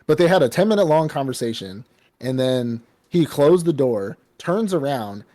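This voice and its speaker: A man's voice: medium pitch, moderate pace. A man co-hosting a podcast, recapping a film in casual, rambling, profane chat. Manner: rambling, profane, animated storytelling. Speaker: podcast co-host.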